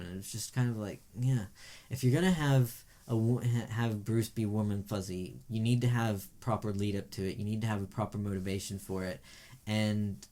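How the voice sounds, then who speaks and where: A man with a fairly low voice co-hosts a casual podcast chat. He reviews TV shows in an emphatic, opinionated way, pressing each point firmly. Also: mellow. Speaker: podcast co-host.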